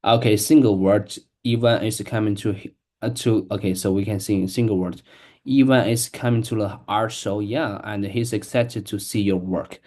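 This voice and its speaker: Halting man practicing reading aloud. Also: lowish voice, steady tone, dark tone. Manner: halting, hesitant, many restarts. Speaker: English learner.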